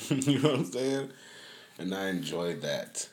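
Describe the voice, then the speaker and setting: Deep-voiced man hosting a loose podcast. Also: big pitch swings, slow pace. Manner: loose, profane, laughing storyteller. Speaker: podcast host. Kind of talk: casual podcast chat.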